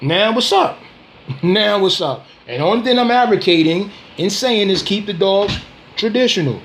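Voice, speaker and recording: A man's voice: high-pitched, animated, moderate pace, a bit bright. A man ranting on a casual video, confrontational, using street slang, repeating himself and laughing scornfully between points. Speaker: dog breeder and vlogger.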